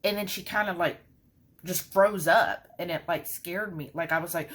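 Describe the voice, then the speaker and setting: A woman talks to her viewers in a loose, rambling style, dropping "y'all" every few sentences. Her voice sits a little low for a woman, and she sounds relaxed and conversational. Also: moderate pace, slightly rough. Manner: chatty, rambling, says "y'all" often. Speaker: vlogger. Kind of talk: casual chat.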